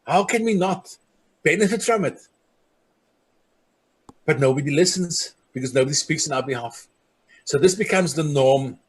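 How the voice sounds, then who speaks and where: An earnest man with a husky, somewhat high voice tells stories from his community. He acts out the people he quotes and drops soft and low on the grave points. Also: lively intonation, normal speed, pauses often. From South Africa. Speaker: traditional community leader. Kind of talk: personal storytelling speech.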